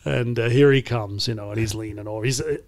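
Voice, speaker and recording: A man in his fifties, a podcast guest and former hockey player, telling stories in a casual, animated way and acting out the people in them. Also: mid-range voice, fast talker. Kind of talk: casual storytelling.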